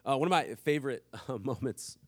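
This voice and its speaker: A man's voice: mid-range voice, expressive, a little fast, slightly rough, dry recording. Man preaching with casual humor. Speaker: pastor. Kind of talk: sermon.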